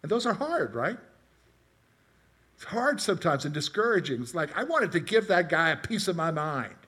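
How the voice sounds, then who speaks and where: A man's voice: on the high side, sing-song, moderate pace, a bit bright, slightly rough. A middle-aged man preaching a conversational sermon, asking his congregation questions and telling personal stories. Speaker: pastor.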